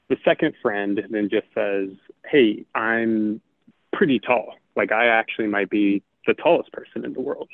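A man guest on a podcast telling a joke in a laid-back, drawn-out way. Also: fairly low pitch, no echo. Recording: tinny phone-like line.

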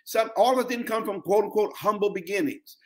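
Middle-aged male pastor, African-American English accent, high-pitched voice, preaching with repetition and call-outs. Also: a little fast. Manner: preaching with call-outs to the congregation, repeating phrases for emphasis. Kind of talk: sermon.

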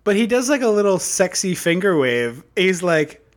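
Excitable man, high lively voice. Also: moderate pace. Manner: excitable, joking, laughs often. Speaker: podcast co-host. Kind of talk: casual chat recapping a film.

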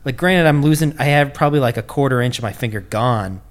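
A man's voice: mid-range voice, fast. Young man, casual storyteller, profane, acts out quotes with raised voice.

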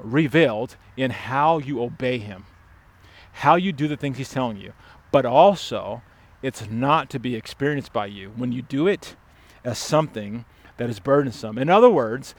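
A man preaching a sermon as pastor, emphatic and urgent, dropping to hushed stress on key words. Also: mid-range voice. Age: adult father.

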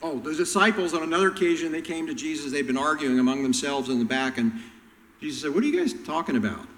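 Man, pastor, sermon, storytelling, acts out characters, slightly high voice, long hall reverb. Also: quick pace. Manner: storytelling, acting out Bible characters with lively voices.

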